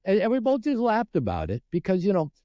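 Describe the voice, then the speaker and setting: A man speaks as a podcast guest, earnest and explanatory. His voice is warm and mellow, with lively swings of pitch as he acts out bits of dialogue. The sound is dry and a little dull. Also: quick pace, dry recording. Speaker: podcast guest, relationship author. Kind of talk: podcast interview storytelling.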